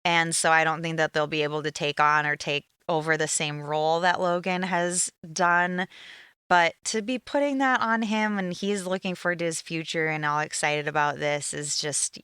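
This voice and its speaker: Low-voiced, bright Minnesotan woman podcaster. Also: fairly even intonation, normal speed, smooth, no room sound, studio quality. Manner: chatty and opinionated, with frequent fillers. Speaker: podcast co-host. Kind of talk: casual recap chat.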